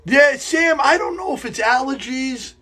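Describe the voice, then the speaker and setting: A man hosting a live stream from his model railroad layout, sniffly and sneezing, talking in a rambling, halting way that often repeats itself. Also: extremely high pitch, animated, pushed and bright, faint music behind. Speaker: livestream host running a model railroad. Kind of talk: casual live-stream chat while working. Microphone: earpiece in ear.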